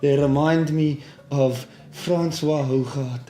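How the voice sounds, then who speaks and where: A man's voice: a little high, steady tone, slow pace, dark tone. A young man in his twenties hosting a comedy improv game, playful and slipping into put-on accents. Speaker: host. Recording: echoey room with music behind.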